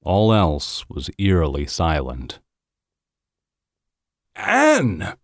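A man narrates an audiobook in a measured, even storytelling manner. His voice sits low, and the recording is studio quality with no room sound.

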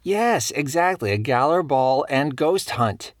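A man's voice: a little high, lively intonation, unhurried, no echo, studio quality, voice pushed up. A man voicing a spry, cheerful elderly woman who loves local history and gossip. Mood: chatty.

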